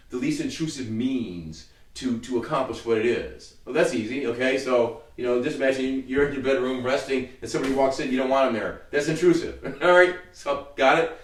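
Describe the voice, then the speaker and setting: A middle-aged man hosting his own legal commentary, talking casually in a heated, rambling and profane way. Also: medium pitch. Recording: roomy sound from a distant mic.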